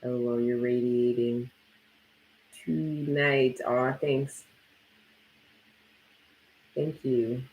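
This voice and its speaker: A man's voice: mid-range voice, steady tone, drawn-out words, pauses often, echoey room, phone-quality sound, a little hiss or hum. A man hosting a tarot live stream, chatting casually and bluntly with plenty of swearing while reading viewer comments aloud. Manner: casual, blunt and profane, lots of "like".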